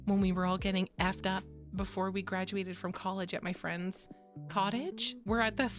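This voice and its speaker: A young adult woman streaming and chatting casually with her viewers, bubbly, laughing often and swearing casually. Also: mid-range voice. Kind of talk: casual chat with live chat.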